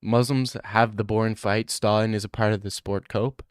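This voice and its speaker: On a casual livestream, a man answers chat in a sarcastic, mocking way, jumping into put-on voices. His lowish voice has a flat delivery at normal speed, sounding smooth and studio-quality with no echo.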